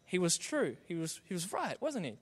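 A man's voice: high-pitched, wildly swooping pitch, normal speed, husky. A man preaching a sermon, conversational and building to rhetorical refrains. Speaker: pastor.

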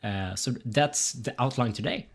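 A man's voice: medium pitch, a little slow. A man with a Swedish accent co-hosting a podcast, easygoing and joking, with many fillers in casual chat. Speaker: podcast co-host.

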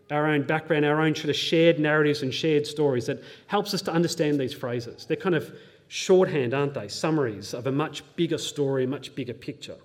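A young man delivers a sermon in an earnest, teaching tone, his voice sitting a little on the high side. He reads scripture passages aloud and explains them plainly, now and then slipping in a nerdy pop-culture aside. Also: a little mellow. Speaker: pastor.

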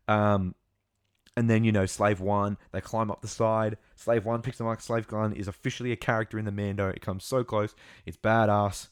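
Young man, low-pitched voice, dry close sound, excited rambling recap, lots of ums. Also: brisk, no room sound. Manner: excitable, rambling, many fillers and restarts. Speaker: show reviewer. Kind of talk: casual episode recap.

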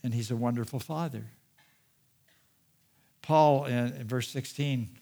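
A man preaching a sermon, reading scripture aloud and commenting, with emphatic peaks and quiet, soft-spoken asides. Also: medium pitch, expressive, slow, pauses often. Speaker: pastor.

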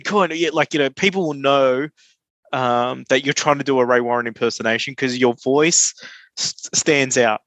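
A man co-hosts a relaxed sports podcast, working through his points earnestly as he speaks. His voice is mid-pitched, and the recording is dry and close. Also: no echo. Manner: earnest, filler-heavy, talks things through. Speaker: podcast co-host. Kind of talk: casual sports podcast chat.

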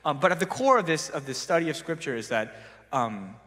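Raised-voice storyteller preaching in a reverberant hall. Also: male voice, on the high side, brisk. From South Korea. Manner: animated storytelling, casual and self-mocking. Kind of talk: sermon. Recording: long reverb of a large hall.

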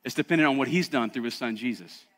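A man's voice: mid-range voice, fast talker, in a large hall. A man preaching a sermon as pastor, emphatic and conversational, often calling out to the congregation.

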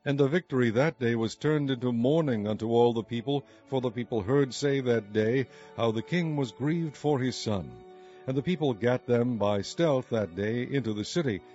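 A man reading scripture aloud in a measured, deliberate manner. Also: medium pitch, mellow. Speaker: scripture reader. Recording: slightly muffled recording with faint music.

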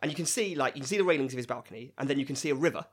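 An English man co-hosting a comedy podcast, telling a story with animated delivery and frequent laughs. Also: medium pitch, racing, husky. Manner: animated, laughs often, voices people he describes. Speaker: podcast co-host.

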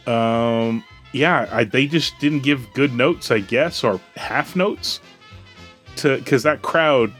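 A male podcast co-host with a wry, joking manner in casual chat. His voice is mid-pitched, with faint music in the background. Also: slow, fairly bright tone.

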